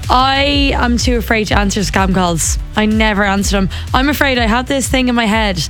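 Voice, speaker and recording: A woman's voice: fairly high pitch, moderate pace, a bit bright, faint music behind. A woman co-hosting a radio show, chatting candidly and a little sheepishly. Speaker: radio co-host. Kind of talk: casual radio chat.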